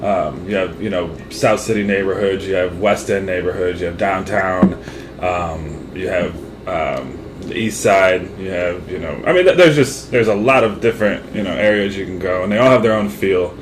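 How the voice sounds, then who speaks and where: A man's voice: low-pitched, moderate pace. A man from St. Louis co-hosting an interview, talking in a rambling, casual way with lots of fillers and the odd swear word. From St. Louis, Missouri. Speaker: co-host. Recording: noisy background hiss.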